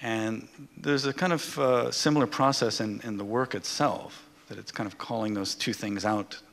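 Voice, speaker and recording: A man, a scholar moderating a panel discussion, talking in an animated, conversational way. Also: fairly low pitch, normal speed, gravelly. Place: lecture hall. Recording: reverberant hall.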